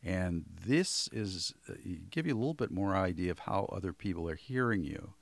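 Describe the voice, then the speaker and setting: A man's voice: low voice, normal speed, no echo. A man teaching a voice workshop, talking his listeners through exercises and showing different placements of his voice as he goes. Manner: relaxed, demonstrates voice placement while teaching. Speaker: voice coach. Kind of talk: workshop lesson.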